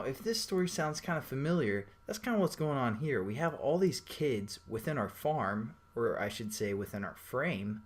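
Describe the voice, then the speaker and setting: A young man giving a casual programming tutorial, chatty and rambling, with slangy everyday analogies. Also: medium pitch. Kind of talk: casual screen-recorded coding tutorial.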